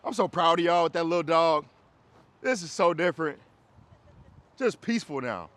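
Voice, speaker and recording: A man's voice: expressive, normal speed. Man coaching dog training outdoors. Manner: casual, explains with repeated checks like "you get what I'm saying"; bursts into high, loud praise for the dog. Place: outdoors in a city.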